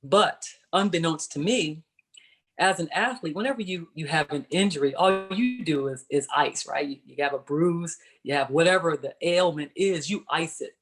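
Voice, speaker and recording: In her forties, this former professional basketball player tells her own story to a virtual panel over a video call. Her voice sits low and a little husky, moving at a normal speed. She keeps it conversational, explaining as she goes and checking in with "right?"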